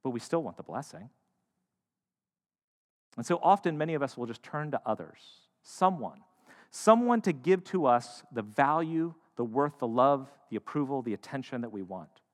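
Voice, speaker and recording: A man delivering a sermon in a voice of average pitch. He pushes hard on emphatic phrases, then falls to hushed, soft lines. A long reverb hangs on his words, as in a large hall. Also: sing-song, moderate pace. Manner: dynamic, swings from loud to hushed. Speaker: pastor.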